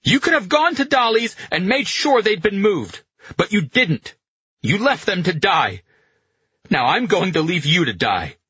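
A man voicing a young Italian man, accusing and shouting, then sick with guilt. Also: on the low side, lively intonation, a little slow, husky, no echo, muffled recording, pitched above the performer's own voice, full character voice.

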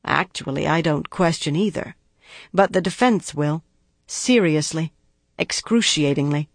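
A woman reading the lines of a cautious female prosecutor in an audiobook, deliberate and precise. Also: deep voice, creaky, dry recording, heavily acted. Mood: probing. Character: guarded, measured female prosecutor, middle-aged.

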